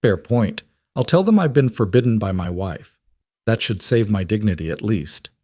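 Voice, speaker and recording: A man's voice: on the low side, expressive, normal speed, warm tone, dry recording, studio quality. A man reading the part of a talkative, cheerful widowed frontier husband, speaking earnestly. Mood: joking.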